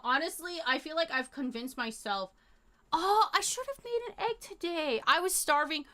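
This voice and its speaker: A young woman streaming live, chatting casually with her viewers in a rambling, animated way full of fillers and slang. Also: high-pitched, moderate pace. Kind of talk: casual chat to a live chat audience.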